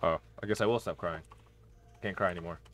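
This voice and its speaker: A man giving playthrough commentary on a horror game, reacting with excited yelps and shouts. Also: low voice, quick pace. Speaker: gaming YouTuber.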